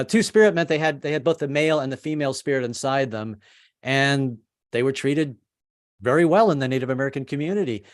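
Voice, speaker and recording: This stand-up routine comes from a man in his fifties who stammers through self-deprecating jokes, breaking abruptly into falsetto-style voices whenever he plays someone else.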